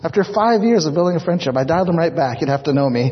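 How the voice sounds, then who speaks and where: A middle-aged man, a pastor, telling a personal story in a sermon, animated and acting out the voices of the people he quotes. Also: mid-range voice, quick pace, few pauses, breathy edge. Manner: animated, acts out quoted voices, repeats words. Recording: dull echoey hall recording.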